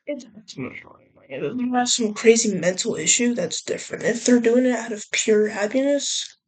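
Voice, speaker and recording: A woman's voice: fairly high pitch, moderate pace, breathy edge. A young woman vlogger rambling casually, often trailing off and restarting her thoughts. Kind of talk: casual chat.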